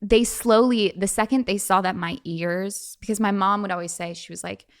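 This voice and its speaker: A young woman as a podcast guest, telling personal stories in a chatty way with lots of fillers and quick laughs. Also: mid-range voice, fairly even intonation. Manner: chatty, frequent fillers, quick laughs, acts out quoted voices. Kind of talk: casual storytelling.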